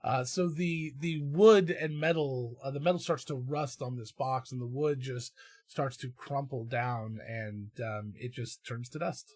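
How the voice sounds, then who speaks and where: A man narrating as game master and host of a tabletop game podcast, relaxed and full of fillers. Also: mid-range voice, measured pace, dry recording.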